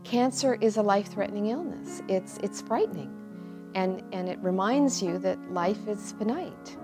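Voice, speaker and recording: A woman who cared for a dying husband at home, speaking in an interview in a thoughtful, measured way. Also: mid-range voice, music in the background. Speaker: family caregiver. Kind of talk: interview testimony.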